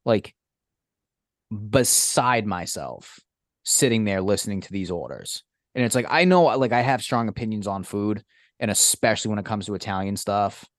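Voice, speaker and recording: Profane, animated man. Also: lowish voice, normal speed, dry recording, clean studio sound. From Massachusetts. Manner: animated, profane storytelling with mock-incredulous quotes. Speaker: podcast co-host. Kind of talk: casual chat.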